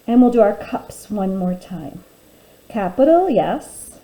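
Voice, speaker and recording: A woman teacher giving a phonics lesson to young children, sounding out words slowly and clearly and encouraging them warmly. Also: medium pitch, lively intonation, low-quality recording. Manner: warm, encouraging teacher talk.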